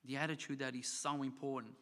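A man's voice: medium pitch, level tone, fast talker, fairly bright tone. A man preaching a sermon to his church. He talks earnestly, repeats phrases and asks the congregation rhetorical questions. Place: church hall. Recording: long hall reverb.

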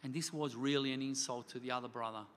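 A man's voice: mid-range voice, steady tone, fast, fairly bright tone. A man preaching a sermon to his church. He talks earnestly, repeats phrases and asks the congregation rhetorical questions. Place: church hall. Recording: long hall reverb.

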